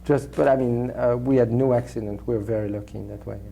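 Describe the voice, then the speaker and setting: A man with a French accent, a native French speaker raised in Switzerland, answering interview questions in a halting way with many restarts and fillers. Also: mid-range voice, steady tone, vocal fry, warm tone, a little hiss or hum. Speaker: actor, interview guest.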